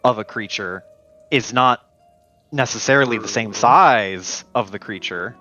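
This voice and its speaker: A man's voice: fairly low pitch, a little slow, bright, forceful tone, highs cut off, soft background music. A man playing a tabletop game, brainstorming plans and thinking aloud in casual chat.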